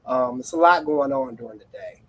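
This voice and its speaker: A middle-aged man who runs an auto repair shop, chatting on a livestream as an animated, rambling storyteller with playful exclamations. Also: mid-range voice, a little fast, no echo, poor audio. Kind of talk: casual livestream chat.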